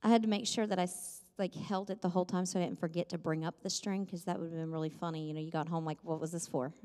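A woman's voice: fairly low pitch, fairly even intonation, quick pace, warm tone. A woman preaching a sermon in a church, conversational and self-deprecating with light humor. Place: church sanctuary. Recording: long reverb of a church hall.

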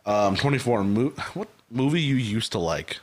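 A man chatting on a podcast in an easygoing, laid-back way, often pausing to think. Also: mid-range voice, animated, a little hiss or hum. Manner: easygoing, laughs often, hesitant. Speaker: podcast co-host. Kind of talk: casual chat.

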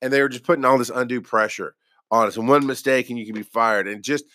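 A man's voice: mid-range voice, fast talker, bright, forceful tone, dry recording. A former paramedic telling his own story in a casual way, rambling and poking fun at himself, with lots of restarts. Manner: rambling and self-deprecating, with many restarts.

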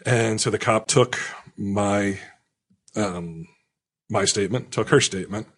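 A man telling a rambling story in casual chat, crude and animated, acting out the people he quotes. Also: fairly low pitch, measured pace, breathy edge.

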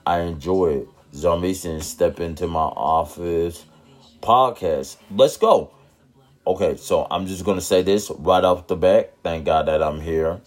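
A man's voice: deep voice, a little mellow. A man hosting his own podcast, talking casually and loosely with slang and lots of fillers. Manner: laid-back, rambling, with slang and fillers. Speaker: podcast host. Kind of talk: casual solo podcast talk.

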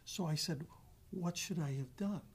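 A man telling a guest anecdote in an animated way, acting out the voices of the other people with frequent restarts. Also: on the high side, moderate pace, slightly rough. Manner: acts out quoted dialogue with restarts. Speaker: actor guest.

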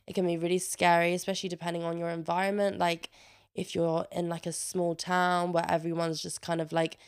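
Young woman, casual vlog, swears a lot, smooth clear voice, a bit congested. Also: fairly low pitch, flat delivery, a little fast. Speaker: vlogger. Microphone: own microphone with a noise gate.

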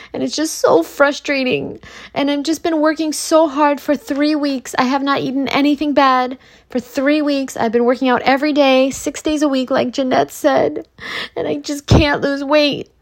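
A woman voicing a whiny, frustrated friend who is complaining about dieting, in a high, strained voice. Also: moderate pace. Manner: whining, breathless complaining.

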